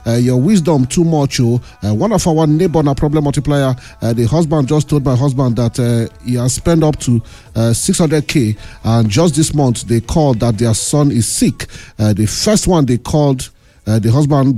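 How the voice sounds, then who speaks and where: A man's voice: medium pitch, mellow, soft background music. A man with a Nigerian accent hosting a radio call-in show, chatting with callers and reading out listener messages. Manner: chatty, laughing, drawn-out fillers while reading. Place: radio studio.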